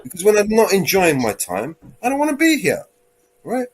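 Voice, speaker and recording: A man's voice: high voice, wildly swooping pitch, normal speed, a little hiss or hum. A man hosting his own stream, ranting bluntly with plenty of swearing and asking "right?" for agreement. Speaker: channel owner and stream host. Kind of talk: casual stream chat.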